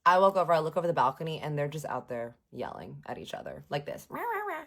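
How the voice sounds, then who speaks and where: A woman telling a personal story in a casual, animated, sarcastic way, with frequent swearing. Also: deep voice, fast, creaky. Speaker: vlogger.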